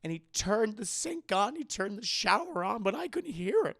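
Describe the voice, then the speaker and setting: A man voicing a cold mother who asks flat, probing questions. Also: high-pitched, moderate pace, gravelly, husky, dry recording, clean studio sound, voice pushed up, exaggerated voice.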